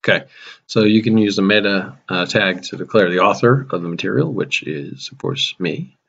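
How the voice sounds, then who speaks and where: A man who teaches high school math, casually narrating a screen-recorded web coding tutorial as he types, with a touch of dry sarcasm. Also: normal speed, gravelly, husky, dull audio. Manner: relaxed, self-narrating while typing, dry sarcasm.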